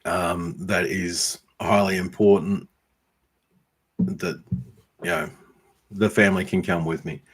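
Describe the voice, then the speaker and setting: A man with an Australian accent reads out and answers viewer comments in a relaxed, unhurried way. His voice sits low, and he fills his pauses with ums and teases people by name. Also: breathy edge. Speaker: YouTube homesteader and blacksmith answering viewer comments. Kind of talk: casual livestream chat.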